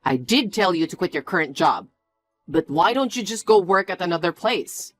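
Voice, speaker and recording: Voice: medium pitch, lively intonation, normal speed, fairly bright tone. A stubborn young fiancé who talks bluntly and bossily, always on the defensive, as a story voice puts him on. The voice sits mid-range, with faint music behind. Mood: angry. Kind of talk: scripted story dialogue.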